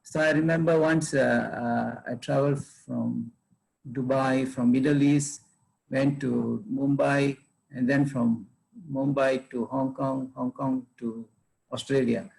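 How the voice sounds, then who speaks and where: A man's voice: mid-range voice, steady tone, slow, vocal fry, darkish tone, low-quality recording. A man sharing devotional memories of traveling as a secretary, speaking hesitantly with frequent fillers. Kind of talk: devotional talk.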